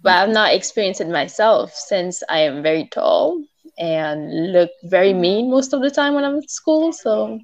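A woman's voice: medium pitch, expressive, measured pace. A young woman, a student, answering interview questions in a plain, direct and firm way. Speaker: guest, a student. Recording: dull lo-fi sound.

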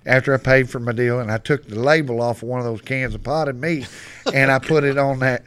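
A man's voice: mid-range voice, steady tone, brisk, a bit bright, smooth, no echo. A middle-aged man with a West Texas accent, telling stories as a podcast guest in a loose, profane, joking way. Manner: drawling, profane, laughing storyteller. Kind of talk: casual storytelling.

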